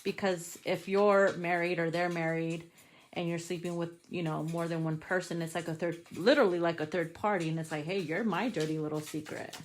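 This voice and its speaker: A woman giving a casual tarot card reading to her viewers. She talks frankly and playfully, swears freely and calls her listeners darling. She slows down whenever she reads a card's text aloud. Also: on the low side, fairly even intonation, a little hiss or hum.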